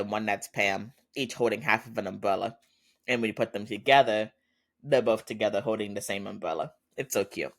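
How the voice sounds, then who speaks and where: A man's voice: lowish voice, fairly bright tone. Guy on a podcast recapping a show, chatty, laughs a lot, fillers everywhere. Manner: chatty, laughs often, loose storytelling with fillers. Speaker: podcast host. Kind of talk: casual drama recap chat.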